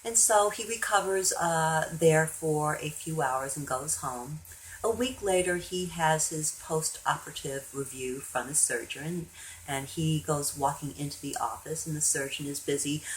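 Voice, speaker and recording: A woman's voice: low-pitched, measured pace, a little hiss or hum, rough recording. A woman hypnotherapist telling a client story in a chatty way, acting out the people she quotes. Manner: chatty, animated when quoting others. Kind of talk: storytelling monologue.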